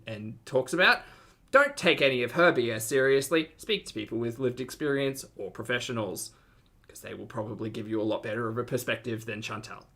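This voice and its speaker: Australian man, bright voice, casual reaction commentary, sleepy, rambling. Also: medium pitch. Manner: sleepy, rambling, with many restarts.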